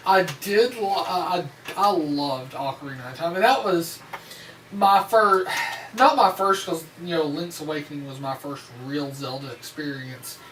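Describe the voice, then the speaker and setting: A man's voice: fairly high pitch, moderate pace, a bit bright. A man co-hosting a casual group chat, talking with enthusiasm, swearing freely and restarting his sentences. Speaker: co-host. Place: room at a table. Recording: roomy echo, distant mic, faint noise.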